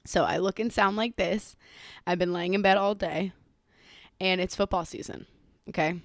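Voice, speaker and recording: A woman's voice: fairly low pitch, fairly even intonation, moderate pace, gravelly, no echo, clean studio sound. A young woman with a Southern accent hosting her podcast in a casual, giggly, self-mocking chat while sick with covid. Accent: Southern American. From Southern United States. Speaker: podcast host. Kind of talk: casual chatty monologue.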